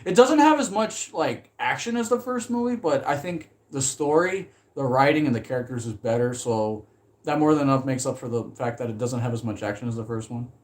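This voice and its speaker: On a live stream, a man with a mid-range voice talks fairly quickly and casually about films he loves. He rambles with plenty of "like" and curses when he gets excited.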